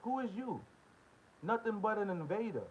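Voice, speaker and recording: A man with an American accent delivers a heated commentary rant in a high, piercing voice. He is confrontational and profane, hammering the same short questions over and over. The audio is dull and lo-fi. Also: expressive, moderate pace, darkish tone. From United States. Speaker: political commentary host.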